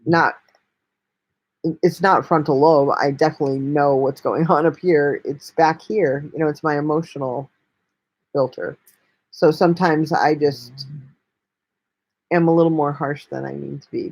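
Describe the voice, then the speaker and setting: A woman's voice: low-pitched, fairly even intonation, unhurried, pauses often, darkish tone, lo-fi sound. A woman hosting a casual live stream, talking bluntly and chattily with lots of swearing. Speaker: livestream host.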